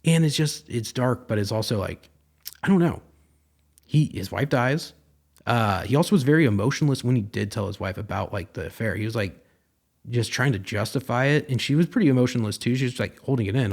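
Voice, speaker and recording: A man's voice: medium pitch, a little mellow. A young man hosting a podcast, casually retelling a film's plot in a rambling way, acting out the characters' lines and swearing now and then. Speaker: podcast host. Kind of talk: casual film review monologue.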